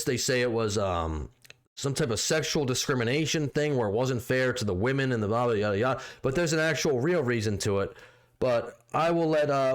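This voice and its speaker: An American man co-hosting a casual political podcast. His pitch sits in the middle of the range, and his delivery wanders, padded with fillers and restarts as he talks his way toward a point. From United States. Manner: rambling, hedging with "you know" and "like". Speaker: podcast co-host.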